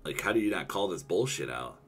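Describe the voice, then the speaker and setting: A young man on a gaming stream, his voice sitting a little low as he rants and swears in loose, heated chat. He talks to a teammate while he plays. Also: animated, fairly quick, a bit bright, slightly rough. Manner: profane, ranting and heated.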